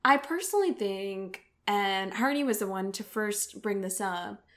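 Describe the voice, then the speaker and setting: A woman's voice: medium pitch, lively intonation, unhurried, fairly bright tone. A woman co-hosting a podcast, laying out her theory about a TV show in a casual, reasoned way and correcting herself as she goes. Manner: reasoned, thinks aloud with self-corrections. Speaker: podcast co-host. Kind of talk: casual TV discussion.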